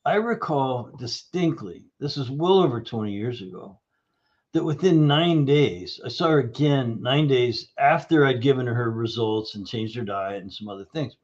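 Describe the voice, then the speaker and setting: A man guest on a health podcast, telling a patient story with animated acted-out dialogue. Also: mid-range voice, normal speed, muffled recording. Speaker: guest, nutrition practitioner. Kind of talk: storytelling interview answer.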